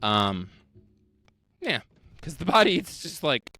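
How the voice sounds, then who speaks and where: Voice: medium pitch, sing-song, takes it slowly, pushed and bright. A podcast host retelling a story in casual chat, laughing often, swearing freely and acting out the quoted voices.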